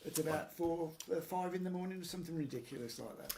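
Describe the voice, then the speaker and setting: A man's voice: fairly high pitch, fast, warm tone. A man guesting on a casual chat, adding brief agreements and dry corrections. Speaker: guest musician. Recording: noisy room recording.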